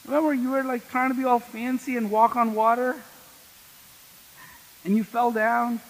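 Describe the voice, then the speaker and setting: A man doing a teasing disciple, high-voiced. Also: flat delivery, moderate pace, big-room sound, rough recording. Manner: ribbing, playful. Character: teasing male disciple, young adult.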